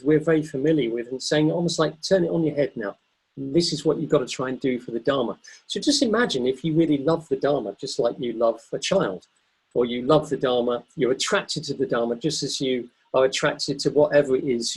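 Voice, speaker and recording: Guy giving a buddhist dharma talk, kinda husky voice, calm and thoughtful, lots of ums. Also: a little high, low-quality recording. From Britain. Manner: thoughtful, unhurried, pauses with ums and self-corrections. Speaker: Buddhist teacher.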